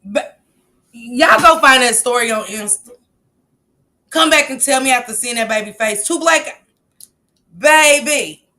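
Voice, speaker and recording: Bright-voiced woman chatting on a livestream. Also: on the high side, a little slow, pauses often. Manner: emphatic, reacts aloud to viewer comments; laughs often, blunt and profane. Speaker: livestream host reading viewer chat. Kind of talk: casual livestream chat.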